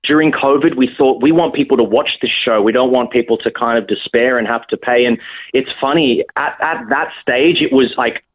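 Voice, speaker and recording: A man's voice: medium pitch, fairly quick. A young man speaking as a guest over the phone, hesitant and full of restarts. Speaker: guest actor. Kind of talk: phone interview. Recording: tinny phone line.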